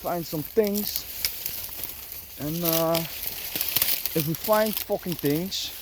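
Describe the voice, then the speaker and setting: A man with a fairly high voice talks extremely slowly in a rambling outdoor vlog, swearing constantly and grunting as he forces through dense bushes and trees. The noisy recording picks up rustling foliage and branches, plus a barking dog.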